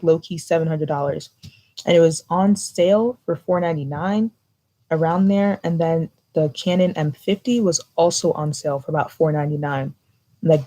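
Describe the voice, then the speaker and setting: Young woman vlogger, casual live chat, low-ish pitch, chatty and full of fillers. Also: mellow. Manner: chatty, filler-heavy with lots of "like".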